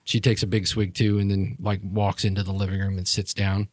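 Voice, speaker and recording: A man's voice: deep voice, little pitch movement, fairly quick, darkish tone, dry recording. Casual male game master. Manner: casual, loose narration with fillers. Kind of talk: narrating a tabletop game.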